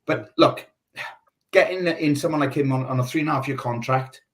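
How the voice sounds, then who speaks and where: A man in casual talk on a football phone-in, sharing his views freely. He thinks out loud and keeps talking through his points. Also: mid-range voice, a little fast. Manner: talkative, opinionated, thinks out loud. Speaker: football fan panelist. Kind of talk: casual chat.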